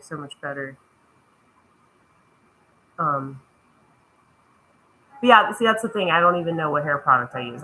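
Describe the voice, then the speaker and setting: A woman's voice: deep voice, bright, forceful tone, poor audio. Rambling, swearing woman vlogging at home. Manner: rambling, swears freely, self-mocking; talks while walking around her home. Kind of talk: casual rambling vlog. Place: cluttered home.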